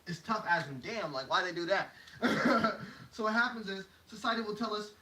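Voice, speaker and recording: A man's voice: high voice, animated, normal speed, pushed and bright. A man giving a playful, slangy motivational lecture at a whiteboard, laughing as he explains. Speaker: whiteboard teacher. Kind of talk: casual motivational lecture at a board. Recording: echoey room, mic at a distance.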